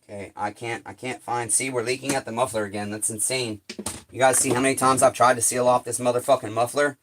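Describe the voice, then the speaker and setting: A man's voice: medium pitch, level tone, fast, a bit bright. A man streaming live from his workshop, cursing in frustration and talking to his viewers while he works. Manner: exasperated, heavy swearing; talks to viewers while working. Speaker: chainsaw repair streamer. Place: home workshop shed.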